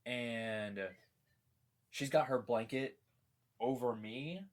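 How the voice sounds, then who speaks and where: A man's voice: mid-range voice, slow pace. A young man, a podcast guest, telling a long story in casual chat, rambling with lots of fillers and swearing. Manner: rambling, profane, many fillers.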